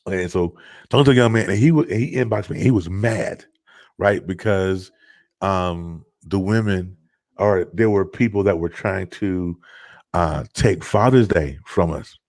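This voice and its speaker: Deep-voiced man chatting live on stream. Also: a little slow, a little mellow, no echo, studio quality. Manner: loose, conversational, many restarts and fillers. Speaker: host of a live stream show. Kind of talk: casual live-stream chat. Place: at home, child heard nearby.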